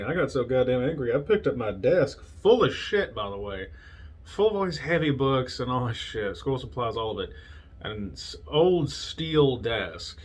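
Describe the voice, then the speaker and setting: Man, solo podcast host, blunt and profane, casual storytelling, laughs at himself. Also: medium pitch. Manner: profane, blunt, laughs at his own stories.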